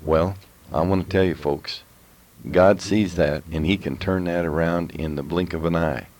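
A man's voice: low-pitched, steady tone, moderate pace, darkish tone. A man co-hosting a Christian talk show, urging his listeners directly in a preaching manner. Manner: exhorting, direct address to listeners. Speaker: co-host.

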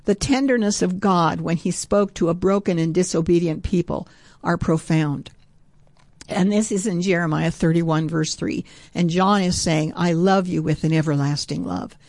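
A woman giving a devotional Bible teaching, reading scripture aloud in an earnest way that grows excited. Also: lowish voice, normal speed, dry recording.

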